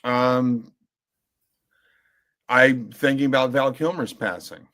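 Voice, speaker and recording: A man's voice: medium pitch, a bit bright. A man co-hosting a podcast in casual chat, telling stories in a rambling way with many restarts and fillers. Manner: briefly mimics slow drawling voices when quoting. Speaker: podcast co-host.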